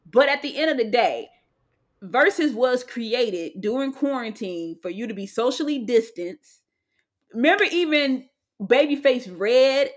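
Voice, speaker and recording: A woman co-hosting a casual chat, animated and rambling. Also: fairly high pitch, measured pace. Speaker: podcast co-host.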